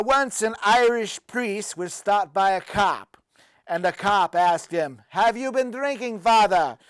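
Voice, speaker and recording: A man's voice: sits high, clean tone, no echo. Louie, a man playing a boastful leprechaun. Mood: joking. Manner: joking, proud and hammy. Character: boastful big male leprechaun wrestling champ. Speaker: comedy host. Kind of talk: comedic character sketch.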